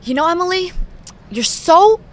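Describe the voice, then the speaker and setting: A woman imitating her loud, scolding middle-aged mother in a shrill, theatrical way. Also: expressive, normal speed.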